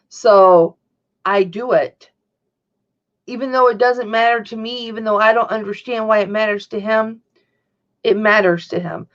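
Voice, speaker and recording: A woman's voice: medium pitch, lo-fi sound. A woman hosting a casual livestream, talking in a chatty, rambling way and answering viewers' chat. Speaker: livestream host. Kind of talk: casual chat to a live audience.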